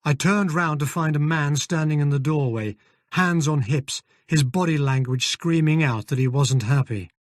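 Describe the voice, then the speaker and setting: Male audiobook narrator, measured first-person telling, fairly high voice, dry booth sound. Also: no room sound. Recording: dry close studio recording.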